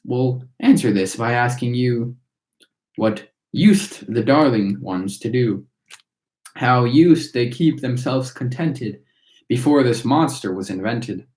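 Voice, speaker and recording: A man reading a chorus of tiny singing factory workers, reciting their verse in a steady rhythm. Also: medium pitch, takes it slowly. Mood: preachy. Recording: roomy echo.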